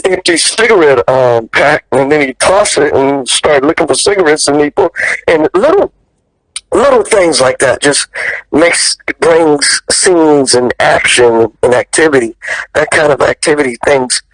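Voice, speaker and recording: A male actor telling stories as an interview guest, lively and profane, jumping up in pitch when he quotes people. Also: a little slow, dry recording, low-quality recording. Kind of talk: animated storytelling in an interview.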